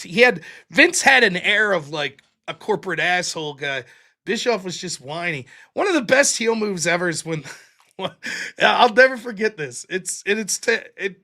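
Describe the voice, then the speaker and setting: High bright-voiced man chatting on a stream. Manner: rambling storytelling, laughs often, swears. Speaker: livestream host. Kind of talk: casual livestream chat reading chat.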